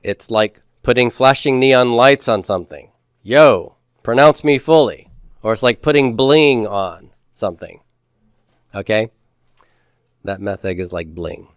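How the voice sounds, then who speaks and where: A man's voice: on the low side, measured pace, clean tone, no echo, studio quality. A man teaching a Hebrew grammar class, explaining patiently and quizzing the students with the odd light joke. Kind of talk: classroom lecture.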